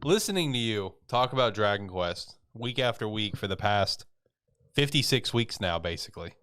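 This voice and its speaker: Lively smooth-voiced man joking casually. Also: lowish voice, normal speed. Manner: laid-back, joking reactions, says "dude" and "man". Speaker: podcast co-host. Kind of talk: casual anime podcast chat.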